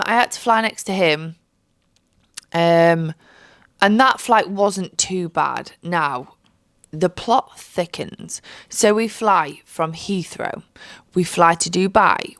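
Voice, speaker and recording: Foul-mouthed young woman, gravelly voice. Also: medium pitch, dry recording, studio quality. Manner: animated, sweary storytelling with mocking voices. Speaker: vlogger. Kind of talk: storytime vlog.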